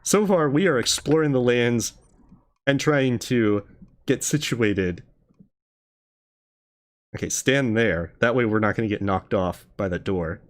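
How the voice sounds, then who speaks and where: A man's voice: mid-range voice, measured pace, long pauses. A man hosting a let's play, chatting casually, chuckling and reading the on-screen game text aloud. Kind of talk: casual gameplay commentary.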